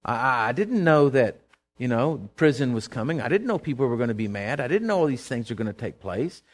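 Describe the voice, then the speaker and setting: A man preaching a sermon, animated and storytelling, breaking into sudden loud outbursts. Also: mid-range voice, brisk.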